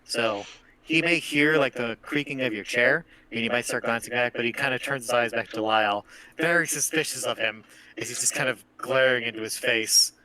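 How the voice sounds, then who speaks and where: Bright-voiced male game master. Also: mid-range voice, moderate pace, low-quality recording. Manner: casual, filler-heavy narration. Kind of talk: narrating a tabletop game.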